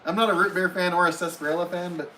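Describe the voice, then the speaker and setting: A man with a somewhat high voice hosts a casual live stream from home. He chats easily, reading out viewers' comments and answering them one by one. Faint noise sits under his voice. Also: steady tone, very fast, sharp tone, low-quality recording. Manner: reads viewer comments aloud in friendly, chatty replies.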